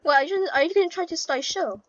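A young woman commentating casually while playing an online game, chatty and excitable, breaking into panicked yells. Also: very high-pitched, fast, muffled recording. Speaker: gaming channel host.

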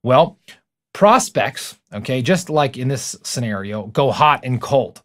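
A man's voice: medium pitch, lively intonation, measured pace. A middle-aged man hosting a podcast, talking with emphatic, preacher-like build-ups, rhetorical questions and personal stories with asides. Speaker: podcast host. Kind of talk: motivational podcast talk.

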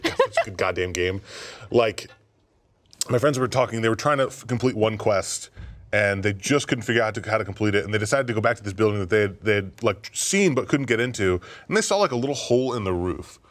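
A man co-hosting a gaming podcast in casual chat, excitable, laughing often and swearing freely. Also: on the low side, a little fast. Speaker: podcast co-host.

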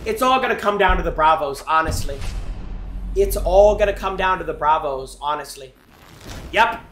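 A young man live-streaming, chatting loudly and excitedly to his viewers while he opens game packs. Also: fairly high pitch, echoey room. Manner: excitable, loud, chanting and talking to chat.

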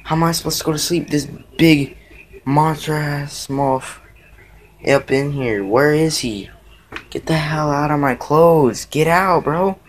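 Exasperated swearing young man, slow drawl. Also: fairly high pitch, slight background noise. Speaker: vlogger. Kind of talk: casual vlog commentary. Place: dark bedroom at night.

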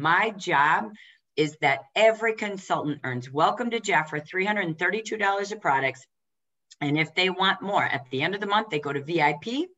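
A woman with a low, grounded voice leads a training talk for team leaders, speaking directly and emphatically. She coaches through rapid rhetorical questions. The sound is dull and slightly lo-fi, like video call audio. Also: bright, forceful tone.

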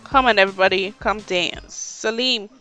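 Bright-voiced woman doing game commentary. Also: medium pitch, normal speed, soft background music. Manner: expressive, exclaims and laughs at the game. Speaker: gameplay host. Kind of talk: casual let's play commentary.

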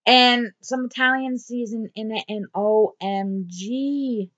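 A woman's voice: fairly high pitch, slow pace, fairly bright tone, highs cut off. A woman vlogger talking straight to camera in a blunt, repetitive diary-style video. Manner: blunt, swearing, repeats herself. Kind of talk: angry diary vlog rant.

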